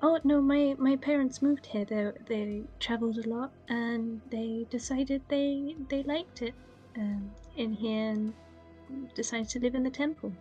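Woman doing a shy temple girl, hesitant, soft, slow, slightly high. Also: lo-fi sound, faint music behind, close to an everyday voice. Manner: hesitant, soft, full of ums. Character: shy young woman raised in a small temple.

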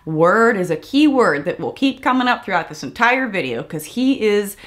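A woman in her thirties giving casual reaction commentary on a video clip, animated and sarcastic, with exasperated asides. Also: medium pitch, moderate pace. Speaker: commentary vlogger.

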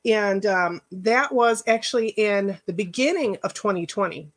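A middle-aged life coach from Northwest Indiana in the United States gives a casual workshop talk, earnest and emotional, chatty with plenty of asides. She has a medium-pitched voice and speaks at a moderate pace.

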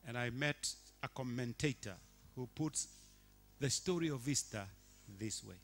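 A man, preaching a sermon as a bishop in a church, animated and shifting between quiet and loud. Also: medium pitch, measured pace, faint music behind. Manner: animated, swings from quiet to shouting.

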